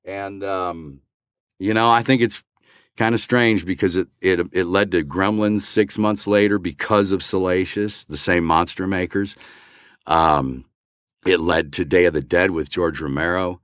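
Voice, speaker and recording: A man's voice: low voice, a little slow, clean tone, no room sound, clean studio sound. An older man, a voice actor, telling an anecdote in a casual interview and acting out the lines he quotes. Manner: animated, acts out quoted dialogue. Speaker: voice actor guest.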